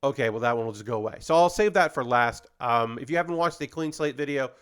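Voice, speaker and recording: Male comedian host, mid-pitched voice, loose and rambling, pokes fun at himself. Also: fast, fairly bright tone, clear, resonant tone. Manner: rambling, self-deprecating, chatty. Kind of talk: casual chat.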